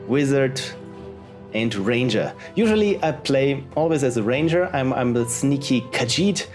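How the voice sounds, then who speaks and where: A man's voice: medium pitch, a little mellow. A man casually commenting while he plays indie games, reading on-screen text aloud in a chatty way. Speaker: let's play host.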